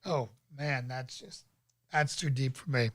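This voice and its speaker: A man's voice: medium pitch, measured pace, no echo, studio quality. A man hosting a casual live-stream chat, laid-back and rambling with lots of fillers. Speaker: podcast host.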